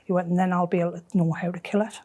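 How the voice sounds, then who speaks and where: A middle-aged woman, telling a personal story in an emotional, halting way that often drops to a near whisper. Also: on the low side, little pitch movement, dark tone. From North East England. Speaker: interviewee.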